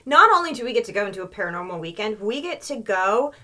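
A woman in her thirties co-hosting a podcast, chatting casually, bubbly and quick to laugh as she explains the topic. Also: mid-range voice, very animated, sharp tone. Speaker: podcast co-host. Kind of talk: casual chat.

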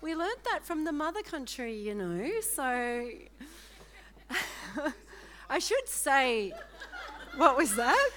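A woman's voice: sits high, sing-song, slow, pauses often, fairly bright tone. A middle-aged woman with an Australian accent, giving a chatty, self-mocking sermon testimony and laughing often. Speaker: preacher.

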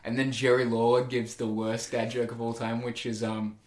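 A man's voice: mid-range voice, flat delivery, normal speed, reverberant. A young man, co-hosting a casual podcast in a playful, rambling way. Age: young adult. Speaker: podcast co-host. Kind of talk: casual chat.

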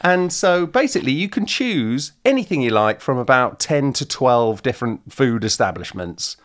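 Playful man with lively pitch. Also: moderate pace. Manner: playful, jokey, hesitant restarts. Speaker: podcast co-host. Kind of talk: casual chat.

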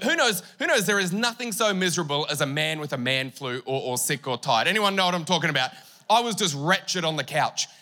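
High, bright-voiced Australian pastor. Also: male voice. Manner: storytelling with comic asides to the congregation. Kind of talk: humorous sermon.

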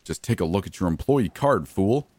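A man's voice: deep voice, lively intonation, normal speed, a little mellow, no room sound. A man voicing a hostile male prison inmate who talks with mocking contempt. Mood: contemptuous. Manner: insulting, contemptuous.

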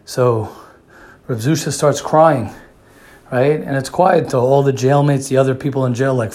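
A man's voice: medium pitch, moderate pace, a little mellow. A man giving a sermon who repeats phrases for emphasis and often restarts his sentences. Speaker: religious speaker.

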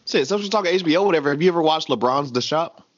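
Podcast co-host, male, 20s, animated and slangy, dry lo-fi recording. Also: a little high, quick pace, no room sound. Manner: animated, slangy, laughs often. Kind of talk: casual chat recapping a TV episode.

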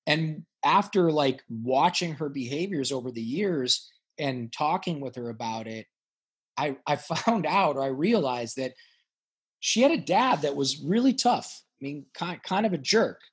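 A middle-aged man talks as a podcast guest with a raspy, husky voice sitting slightly high. He speaks with raw intensity and emphasis, repeating words as he pushes his points. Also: lively intonation, measured pace. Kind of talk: emotional interview talk.

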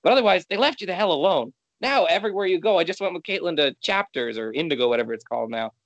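A man's voice: sits high, lively intonation, fast, a bit bright, dry recording, highs cut off. A man from Canada co-hosting a podcast, chatting casually and ranting with exasperation. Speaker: podcast co-host. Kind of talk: casual chat.

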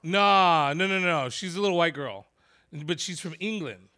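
Bright-voiced rambling man. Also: a little high, moderate pace. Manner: chatty, rambling, laughs often. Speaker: podcast co-host. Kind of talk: casual chat.

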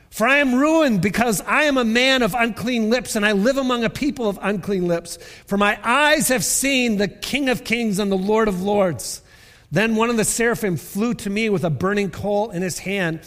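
A man preaching a sermon, reading scripture and explaining it, with bursts of shouted repeated words. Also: sits high, in a large hall. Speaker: pastor.

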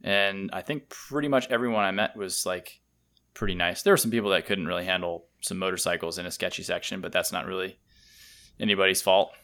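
A man's voice: low-pitched, brisk, bright, forceful tone. A man co-hosting a podcast, telling easygoing stories about people he met on a ride. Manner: laid-back storytelling, quotes people he met. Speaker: podcast co-host. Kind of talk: casual chat.

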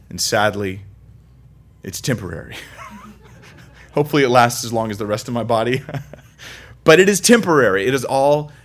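Emphatic preacher man from California. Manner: emphatic, swinging from loud, high stresses to low, quiet lines; light self-mocking humor with chuckles. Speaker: pastor. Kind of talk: sermon.

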